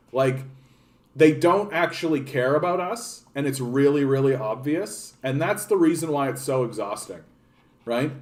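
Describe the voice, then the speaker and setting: Sarcastic, profane young Canadian man. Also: medium pitch. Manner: rambling, profane, sarcastic, with many restarts. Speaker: political commentator. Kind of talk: ranting political vlog.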